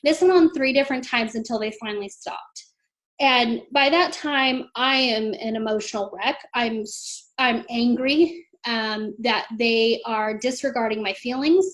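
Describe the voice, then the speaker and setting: Earnest high-voiced mother telling her story. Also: measured pace. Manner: emotional, earnest, quoting others in a lifted voice. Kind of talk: interview storytelling.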